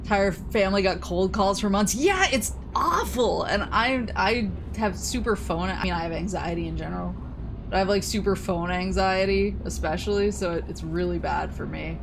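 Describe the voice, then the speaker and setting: A woman's voice: mid-range voice, moderate pace, creaky, background noise. Chatty young woman streaming a game. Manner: rambling storytelling, laughs often. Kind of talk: casual game-stream chat.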